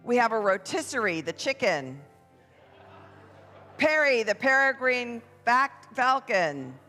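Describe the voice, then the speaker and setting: A parade announcer emceeing a church event for families in a playful, drawn-out way. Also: mid-range voice, big pitch swings, sharp tone. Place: church hall. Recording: echoey hall with music behind.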